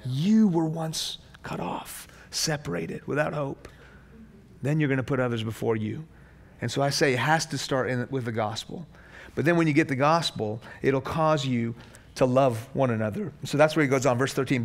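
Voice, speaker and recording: A man's voice: medium pitch, moderate pace. A man preaching a sermon as a pastor, telling stories with acted-out dialogue and building to passionate emphasis. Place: seminary chapel.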